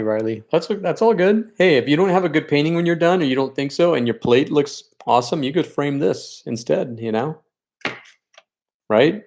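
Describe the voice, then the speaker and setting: A man leads a live-streamed painting lesson at a relaxed, talkative clip, in a medium-pitched voice. As an art teacher running a paint night, he chats and encourages viewers while working through each step, and he gets openly sentimental about the students he misses.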